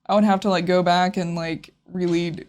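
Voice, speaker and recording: A woman's voice: fairly low pitch, little pitch movement, a little fast, a little mellow. A woman co-hosting a casual podcast, talking thoughtfully about a game, often laughing and openly getting emotional. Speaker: podcast co-host.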